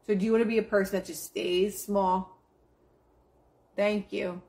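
A woman's voice: mid-range voice, flat delivery, unhurried, darkish tone. A woman hosts a live stream and delivers a casual motivational pep talk. She preaches in a blunt, emphatic way and swears freely as she addresses her chat.

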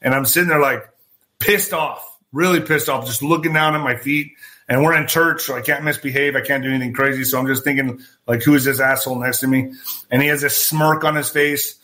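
A man's voice: medium pitch, fairly quick. A man hosting a podcast, telling a story casually and acting out the dialogue, with frequent swearing. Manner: animated, swears freely, acts out quoted dialogue. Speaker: podcast host.

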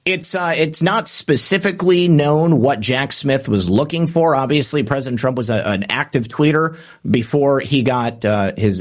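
A man hosting a political commentary show, reading out quotes and adding sarcastic remarks with frequent "uh" fillers. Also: a little high. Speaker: political commentary podcast host.

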